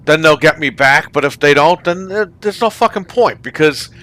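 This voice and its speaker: Profane, bright-voiced man ranting. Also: on the high side, lively intonation, normal speed. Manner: profane, ranting about wrestling. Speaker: podcast host. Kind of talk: casual gaming party chat.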